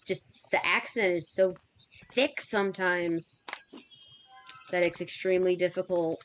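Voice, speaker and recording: A woman's voice: fairly low pitch, steady tone, unhurried, a little hiss or hum. A woman in her thirties chatting casually and rambling with fillers while streaming a game. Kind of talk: casual chat while gaming.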